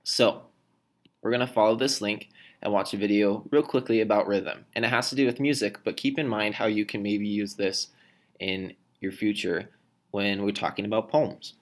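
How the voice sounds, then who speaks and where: A man's voice: fairly low pitch, steady tone, normal speed. A man teacher explaining how to read poetry aloud in a recorded lesson, demonstrating points with his own voice.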